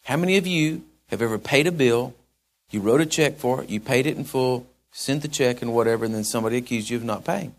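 Folksy preaching man, mid-pitched. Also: fast. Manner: folksy, conversational preaching that swells into emphatic shouts. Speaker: pastor. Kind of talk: sermon.

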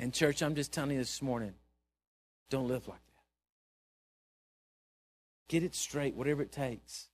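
A man, a pastor preaching a sermon in church, telling a story and swinging from hushed asides to loud exhortation. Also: mid-range voice, moderate pace, long pauses.

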